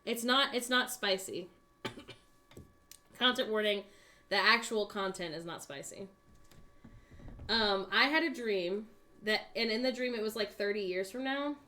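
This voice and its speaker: A woman's voice: mid-range voice, unhurried, pauses often, bright, forceful tone. A young woman from the United States in casual chat, telling a long dream story with lots of fillers and laughs. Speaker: co-host. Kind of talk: casual chat on a craft stream.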